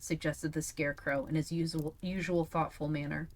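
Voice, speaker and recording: A young woman reads a classic children's book aloud on a live stream, her voice sitting a little low. She stops now and then for casual, playful asides to her chat. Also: flat delivery, moderate pace, few pauses. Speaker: streamer reading a storybook. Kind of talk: live stream storytime reading.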